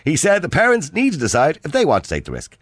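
A man's voice: fairly high pitch, wildly swooping pitch, fast talker, husky, no echo. A middle-aged man with a Dublin accent hosting a call-in radio show, chatty and opinionated, laughing easily. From Dublin, Ireland. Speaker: radio talk show host. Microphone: studio microphone.

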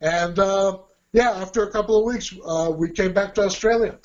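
A man's voice: high-pitched, moderate pace. A man casually telling a long personal story, acting out the quoted dialogue as he goes. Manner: animated, acts out quoted dialogue. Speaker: guest telling a life story. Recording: dull lo-fi audio.

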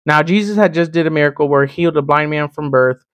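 A man from Miami hosting a sermon-style podcast, teaching in an emphatic, animated way and speaking straight to the listener. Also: on the high side, fast talker, no room sound. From Miami, Florida. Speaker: podcast host and preacher.

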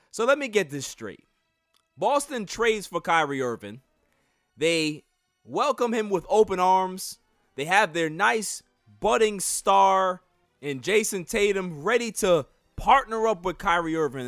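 High-voiced man ranting on a sports podcast. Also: dry recording, studio quality. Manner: animated, mocking, laughs while ranting. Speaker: podcast host. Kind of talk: solo sports podcast rant.

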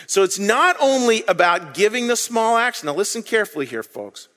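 A man with a high voice preaches to his congregation with lively, chatty energy. He jumps to loud exclamations, then drops to near-hushed lines. The sound carries a long reverb from a large hall. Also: fairly quick, hardly any pauses. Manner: animated, conversational preaching with sudden loud bursts and hushed dips. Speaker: pastor. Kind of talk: sermon.

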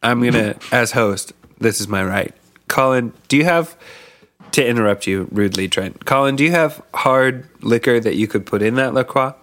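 A man's voice: mid-range voice, normal speed, a bit bright. A man hosting a casual podcast with friends, teasing them and laughing often. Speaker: podcast host. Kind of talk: casual banter.

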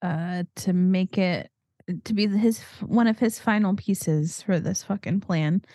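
A woman co-hosting a podcast, retelling a movie in a chatty, animated way and swearing freely. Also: fairly low pitch, a little slow, no room sound, clean studio sound. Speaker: podcast co-host. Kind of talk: casual movie recap chat.

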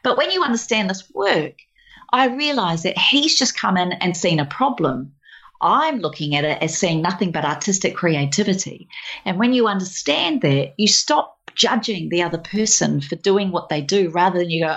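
A woman guest telling lively anecdotes in conversation, acting out quotes with warmth. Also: fairly low pitch, normal speed, lo-fi sound. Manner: animated, warm anecdotes with laughs and acted quotes. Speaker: guest speaker. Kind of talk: conversational storytelling.

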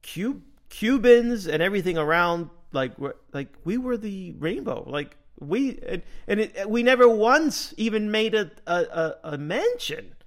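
A man hosting a podcast, telling a personal story in a casual, animated way and laughing often. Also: sits high, a little slow, hardly any pauses. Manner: animated, laughs often, acts out quoted dialogue. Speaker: podcast host.

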